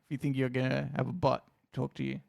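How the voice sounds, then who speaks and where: A man's voice: mid-range voice, completely flat delivery, fast, vocal fry, a little mellow, no room sound, studio quality. An Australian man co-hosting a podcast in casual chat, playful and teasing, laughing often. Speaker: podcast co-host.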